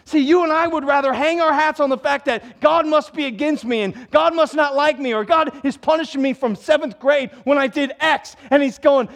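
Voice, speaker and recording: A man's voice: very high-pitched, normal speed, few pauses, fairly bright tone. A man preaching a sermon in a conversational, emphatic way, full of rhetorical questions. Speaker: pastor.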